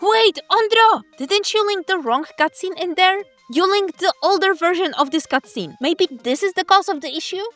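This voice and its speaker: High-voiced young woman telling a story. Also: normal speed, few pauses, a bit bright, echoey room, soft background music. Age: young adult. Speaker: student animator and devlog narrator. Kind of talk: storytime narration for an animation.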